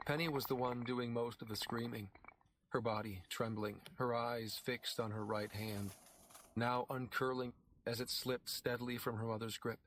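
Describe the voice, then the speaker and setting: Male audiobook narrator with a measured, dramatic read. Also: mid-range voice, level tone, a bit bright, a little hiss or hum.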